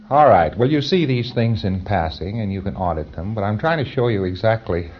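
Low-voiced man lecturing on dull tape. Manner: wry, conversational, with chuckles and mock dialogue. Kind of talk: recorded training lecture.

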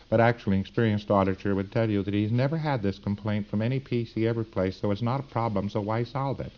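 A man's voice: on the low side, fast, few pauses, dull audio. A man giving a lecture to students in a folksy, emphatic, digressive way.

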